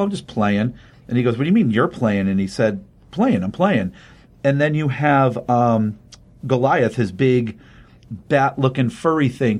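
A man hosting a casual talk show, recapping a comic book in a rambling way and correcting himself as he goes. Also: mid-range voice. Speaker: comic book podcast host. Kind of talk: casual spoken review.

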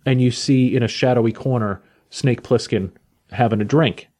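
A man's voice: medium pitch, normal speed, mellow. Enthusiastic man retelling a story. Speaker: podcast host. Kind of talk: casual chat.

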